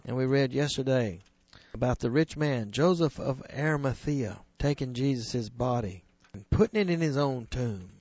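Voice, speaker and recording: A man preaching a sermon that retells scripture, earnest and emphatic, slowing on key phrases. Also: medium pitch, a little mellow, no room sound, dull audio.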